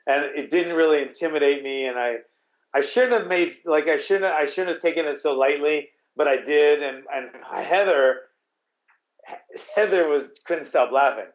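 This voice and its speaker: A man tells a casual story, rambling and restarting, with blunt curse words here and there. His voice sits a little high for a man. The sound is roomy and a bit dull. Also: moderate pace. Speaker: guest telling a story.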